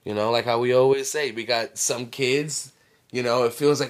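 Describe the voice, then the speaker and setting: A man co-hosting a casual reaction chat, talking in a loud, slangy and profane way. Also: mid-range voice, fairly even intonation, normal speed. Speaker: co-host.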